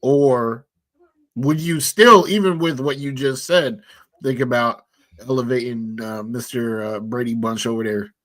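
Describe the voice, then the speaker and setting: A man co-hosting a sports podcast, asking questions in a relaxed, casual way with some fillers. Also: mid-range voice, measured pace, no echo. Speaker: podcast co-host.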